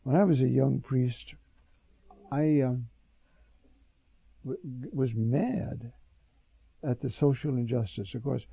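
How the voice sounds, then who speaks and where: A man's voice: medium pitch, slow, creaky, pauses often, mellow, slightly rough, no room sound, muffled recording. An older man, a priest preaching a sermon, reflective and storytelling, with sudden emphatic rises.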